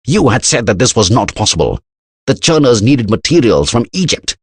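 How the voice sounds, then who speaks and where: A man's voice: medium pitch, big pitch swings, normal speed, slightly rough, dry recording, pitched above the performer's own voice. A man voicing a fierce, commanding woman who speaks sharply and accusingly.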